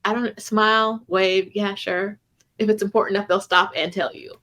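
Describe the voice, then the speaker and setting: A woman co-hosts a casual conversation, talking in a mid-range voice. She tells stories in an animated, conversational way, tossing in "like" and "right?" as she goes. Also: mid-range voice, normal speed. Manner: animated storytelling with lots of "like" and "right?". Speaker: co-host. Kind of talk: casual chat. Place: home in Mexico City.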